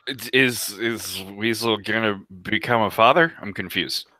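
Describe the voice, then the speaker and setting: A man's voice: on the low side, measured pace, pushed and bright, no room sound. A man voicing a polite, fussy male alien just out of prison, with a courtly, formal manner. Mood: puzzled. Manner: courtly, formal, a bit prim.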